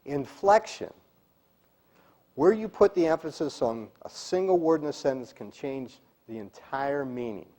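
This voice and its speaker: Man, middle-aged, warm dark tone, speaking coach, live seminar talk, emphatic. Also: fairly high pitch, expressive, a little slow. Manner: emphatic, demonstrates delivery, drops to a whisper for effect.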